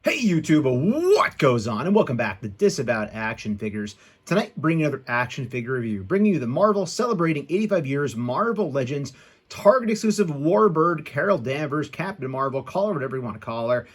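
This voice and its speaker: A man's voice: a little high, expressive, a little fast, slightly rough. A man hosting his own toy review channel, talking in an upbeat, chatty and self-mocking way while showing an action figure.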